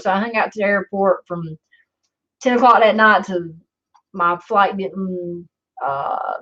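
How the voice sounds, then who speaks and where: A woman's voice: medium pitch, fairly even intonation, moderate pace, fairly bright tone. A woman telling a story in a rambling, sarcastic way and swearing often, in a slightly dull lo-fi recording. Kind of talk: casual storytelling vlog.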